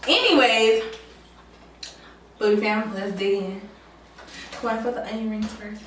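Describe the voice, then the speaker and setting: Woman mukbang host, slow, chatty and laughing, recorded far from the mic in a roomy space. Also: mid-range voice, a bit bright, a little hiss or hum. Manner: chatty, laughing, southern-style drawl words like y'all. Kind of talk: casual mukbang chat. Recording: echoey room from far off mic.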